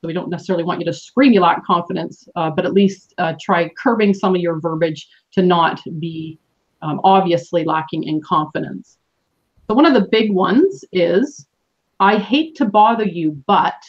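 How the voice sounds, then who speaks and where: A woman's voice: on the low side, moderate pace. Canadian-born woman host, earnest coach, lo-fi call sound. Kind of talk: motivational team call talk. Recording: dull lo-fi call audio.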